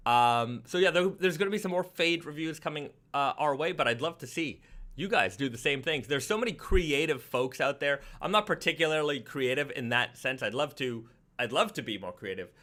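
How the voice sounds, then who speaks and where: A man's voice: on the high side, lively intonation, moderate pace, pushed and bright. A man hosting a casual live stream from home, chatting with viewers and often repeating words as he restarts sentences. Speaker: livestream host.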